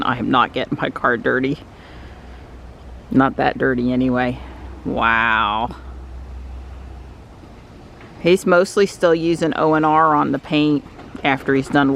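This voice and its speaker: A woman's voice: extremely low pitch, a bit bright, slight background noise. A woman vlogger chatting casually while driving, laughing often. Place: inside a car.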